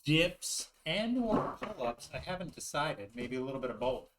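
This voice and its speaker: A man's voice: a little high, sing-song, normal speed. A man hosts a casual, joking vlog, firing off puns and crude asides while working out with weights. He sits far from the camera mic, so his voice rings in a roomy echo with faint background hiss. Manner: jokey, punning, crude asides. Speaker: YouTube host. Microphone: camera mic from a distance.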